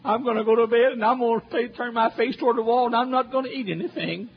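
A man's voice: very high-pitched, quick pace, gravelly, pitched above the performer's own voice. A man voicing a sulking, self-pitying king in a whiny, raised voice, on a dull lo-fi recording with faint noise. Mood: sulky.

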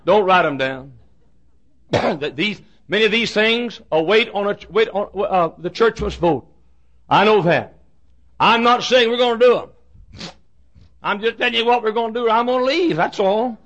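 A middle-aged man preaching a sermon as a pastor, telling a story and building to shouted climaxes. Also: high-pitched, normal speed, pauses often.

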